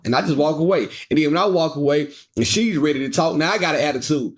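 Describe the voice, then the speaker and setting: Animated male podcast co-host, jokey relationship chat, slightly raised pitch. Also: quick pace, hardly any pauses. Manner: animated, joking, imitates his wife. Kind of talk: casual chat.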